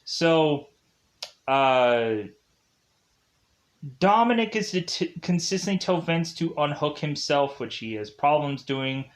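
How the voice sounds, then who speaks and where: A man's voice: on the high side, animated, slow, pauses often. A young man casually recapping a movie's plot, rambling with lots of "like" and "uh" fillers. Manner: rambling, heavy use of "like" and "uh".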